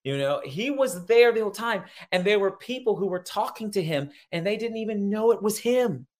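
Excitable man telling a story. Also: sits high, a little fast. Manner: excitable, laughs often, repeats words and restarts. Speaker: pastor and guest. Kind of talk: animated personal storytelling.

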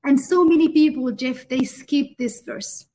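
A woman's voice: high-pitched, measured pace, dark tone. A woman guest minister answering in an interview with a fervent, emphatic preaching manner, speaking straight to the host.

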